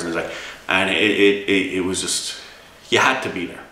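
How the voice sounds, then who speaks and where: Irish man, low voice with a bright edge, rambling game review, echoey room, distant mic. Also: fast. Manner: rambling, exasperated storytelling with many restarts. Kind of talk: casual spoken review.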